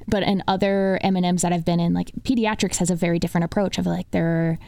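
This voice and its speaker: Flat, gravelly young woman med student. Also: on the low side, fast talker, no room sound. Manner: rambling, many "like" fillers. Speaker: medical student co-host. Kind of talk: casual chat.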